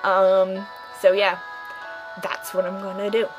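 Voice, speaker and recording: A woman's voice: medium pitch, completely flat delivery, slow pace, music in the background, low-quality recording. A woman giving casual, sarcastic commentary over a game playthrough, playfully mocking the characters. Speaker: gaming channel host.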